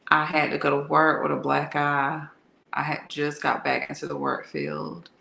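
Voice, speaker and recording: A woman's voice: low voice, gravelly, fairly bright tone, a little hiss or hum. A woman telling a candid personal story in a frank, slangy, conversational way that is broken up with laughter. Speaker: tarot reader and channel host. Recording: echoey room.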